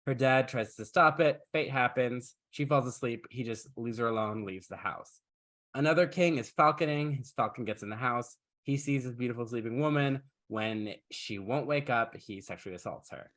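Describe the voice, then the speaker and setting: Male podcast host, mid-pitched, sarcastic and casual, swears freely. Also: moderate pace, a bit bright. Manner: wry, sarcastic storytelling. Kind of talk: casual chat.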